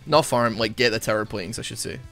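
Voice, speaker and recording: This young streamer's voice is on the low side, brisk and bright with a pushed quality and some vocal fry. Soft music plays behind his rambling, jokey gameplay commentary, full of self-mockery.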